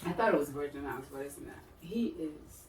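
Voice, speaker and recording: A woman telling stories in casual chat, animated and quick to laugh. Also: low-pitched, a little hiss or hum. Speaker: guest. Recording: echoey room, mic at a distance.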